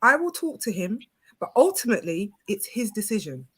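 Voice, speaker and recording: A woman takes part in a relaxed online panel chat. Her voice is mid-pitched and she sounds firm and opinionated, talking as a mother about her son. She joins over a video call. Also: brisk, husky. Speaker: panel guest. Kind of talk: casual panel discussion.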